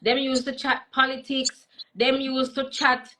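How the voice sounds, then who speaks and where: A Jamaican comedian tells stories in a casual video-call interview, shifting between patois and English. Her high-pitched voice is completely flat and unhurried, and a crowd can be heard behind the rough recording.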